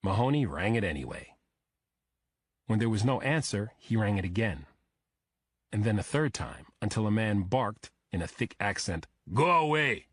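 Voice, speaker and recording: A man narrating a crime thriller audiobook in the first person, measured and even. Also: fairly low pitch, no room sound.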